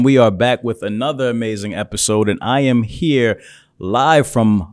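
A man's voice: on the low side, normal speed, no room sound, studio quality, soft background music. A man hosting a podcast, talking in an upbeat, hyped and jokey way. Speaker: podcast host.

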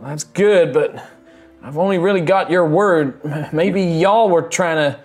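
A man doing a jittery young acolyte, voice pitched up high. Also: unhurried, a little mellow, faint music behind, close to an everyday voice. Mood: wary. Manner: jittery, stammering questions. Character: nervous young human man, lantern-bearing acolyte.

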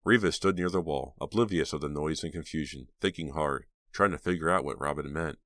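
A man narrating an audiobook in a steady, measured storytelling manner. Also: a bass voice, dry recording. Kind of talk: scripted narration.

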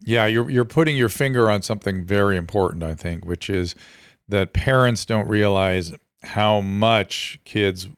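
Man, host, panel discussion, low voice, dry close sound, measured. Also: smooth, no room sound. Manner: thoughtful, measured, with frequent fillers and restarts.

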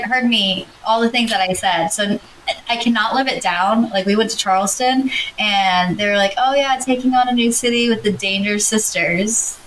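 A young woman co-hosting a podcast in casual chat, a lively storyteller who jumps up in pitch when excited. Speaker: podcast co-host. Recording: slightly distant mic, faint noise.

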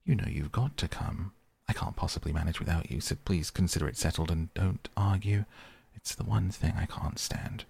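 A man voicing a boastful, excitable male toad in a soft bedtime audiobook reading, with a pompous, coaxing manner. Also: low voice, moderate pace, gravelly, breathy edge, heavily acted.

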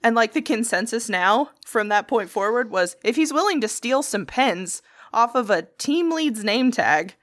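A woman's voice: fairly high pitch, lively intonation, normal speed, a bit bright. A young woman in casual chat, telling a story with lots of swearing and acted-out quotes.

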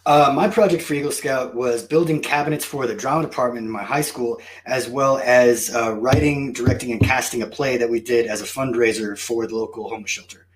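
A man's voice: mid-range voice, a little fast, hardly any pauses. Guy telling a wild story in a casual chat, joking at himself. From United States. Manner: storytelling, animated, self-mocking. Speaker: guest.

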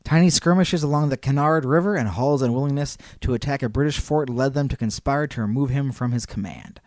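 A man's voice: medium pitch, fairly quick, darkish tone, dry recording, clean studio sound. A man co-hosting a casual history podcast, telling the story and breaking into jokey voices. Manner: storytelling with jokey put-on voices, laughs a lot.

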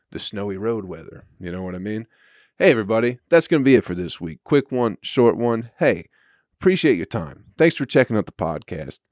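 A man's voice: lowish voice, darkish tone, dry recording, clean studio sound. A man hosting his own comedy podcast, ranting casually and profanely into a podcast microphone and breaking into chuckles.

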